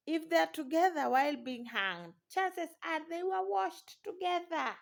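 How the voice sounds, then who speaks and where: A woman's voice: extremely high pitch, animated, measured pace, gravelly, few pauses. A woman, a new mother, telling a personal story in an exclamatory, dramatic way with frequent laughter.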